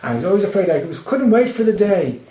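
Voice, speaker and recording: A man's voice: sits high, big pitch swings, quick pace, mellow. Man lecturing on Torah in an echoey room. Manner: expounds texts, quotes Hebrew then translates. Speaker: Torah teacher.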